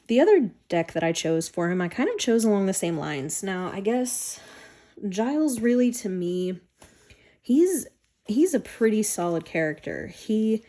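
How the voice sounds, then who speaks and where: A woman's voice: fairly low pitch, dark tone. A woman talking casually and at length about tarot decks, with many fillers and restarts. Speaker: tarot deck reviewer. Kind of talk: casual rambling chat.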